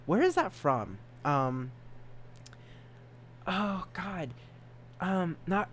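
A man's voice: medium pitch, very animated, a little slow, long pauses, a little hiss or hum. Giggly rambling young man with a stutter. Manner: rambling, giggly, self-mocking. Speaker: podcast host. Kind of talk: solo podcast chat.

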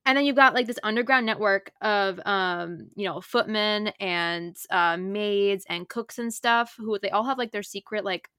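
A young woman co-hosting a podcast, chatting casually and gushing excitedly about books, swearing freely. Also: medium pitch, normal speed, hardly any pauses, clean tone, dry recording, clean studio sound. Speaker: podcast co-host.

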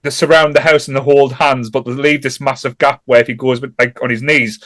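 A man's voice: mid-range voice, fairly even intonation, brisk, a bit bright. Rambling man recapping scenes casually. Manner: rambling, recounts scenes with acted quotes. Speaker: podcast co-host. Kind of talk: casual film discussion.

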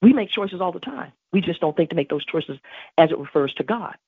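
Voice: medium pitch, animated, fairly quick, breathy edge, no echo. A podcast host giving an emphatic devotional teaching on prayer, repeating key phrases. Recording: tinny phone-like dry recording.

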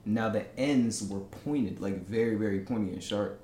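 A young man telling a story in a casual podcast chat, animated and quick with asides. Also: fairly low pitch. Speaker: podcast guest. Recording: roomy room with faint noise.

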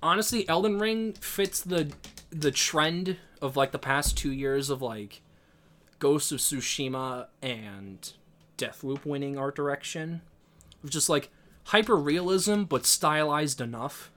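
A man co-hosting a casual podcast, ranting in an animated way and swearing freely. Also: fairly high pitch, measured pace. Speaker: podcast co-host. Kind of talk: casual chat.

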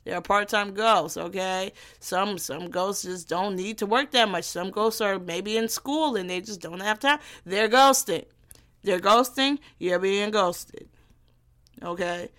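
A young woman from Gary, Indiana, hosting her own podcast in a brash, profane, teasing comedic monologue. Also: mid-range voice. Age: young adult. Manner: brash, profane and animated, quick to tease. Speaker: podcast host.

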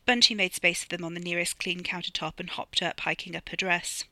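A woman reads her own novella aloud, brisk and dry in delivery. Her voice sits slightly low but sounds very bright, recorded close in a dead, dry space. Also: fairly even intonation, dry recording. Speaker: author reading her novella. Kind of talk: audiobook narration.

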